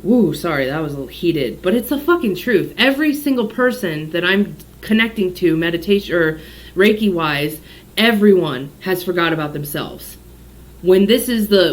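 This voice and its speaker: A woman's voice: fairly low pitch, expressive, moderate pace. A woman psychic giving a casual daily tarot and astrology reading, rambling off on tangents and swearing freely.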